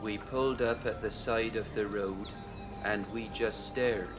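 An actor playing a stunned working man recounting what he saw, slow and measured. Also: on the low side, steady tone, over music, lightly acted. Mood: shaken. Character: stunned male eyewitness worker, plain spoken.

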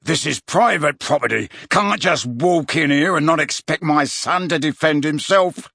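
A man doing a gravelly, hostile old man. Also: low-pitched, expressive, slow, bright, forceful tone, no room sound, clean studio sound, pitched below the performer's own voice, exaggerated voice. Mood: aggressive. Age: older. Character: aggressive elderly male cottage-dweller, hostile, sneering. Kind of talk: audiobook character voice.

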